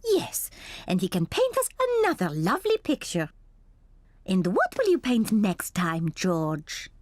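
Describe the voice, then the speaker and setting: A woman voicing a gentle female gazelle who teaches a playgroup, in a warm, encouraging cartoon voice. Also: mid-range voice, wildly swooping pitch, unhurried, no echo. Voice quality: warm, encouraging, sing-song. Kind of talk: cartoon voice acting.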